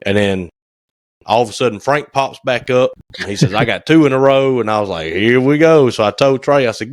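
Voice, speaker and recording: A man's voice: mid-range voice, expressive, a little fast, no echo, studio quality. A man, co-hosting a casual podcast chat and acting out phone calls as he tells stories. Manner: folksy storyteller, acts out phone calls. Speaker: podcast co-host, cabinet maker.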